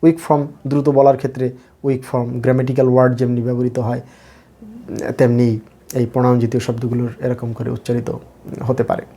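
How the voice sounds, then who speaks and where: A man teaching English pronunciation, repeating each word slowly and mixing Bangla and English. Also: mid-range voice, level tone, mellow. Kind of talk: pronunciation lesson.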